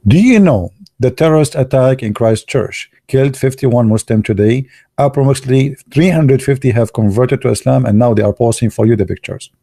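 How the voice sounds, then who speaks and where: Gravelly-voiced man. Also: mid-range voice, mellow, dry recording, studio quality. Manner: halting, many fillers and restarts, sarcastic asides. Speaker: online commentator. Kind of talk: casual live commentary.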